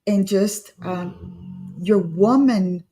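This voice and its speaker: A woman's voice: mid-range voice, slow pace, dark tone. A woman co-hosting a casual etiquette chat, giving earnest, direct advice and urging her listeners. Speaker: co-host.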